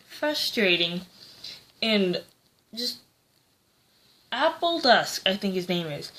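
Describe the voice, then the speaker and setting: A woman's voice: mid-range voice, animated, takes it slowly, long pauses, pushed and bright. A woman giving a casual, rambling book review, hesitant and full of fillers.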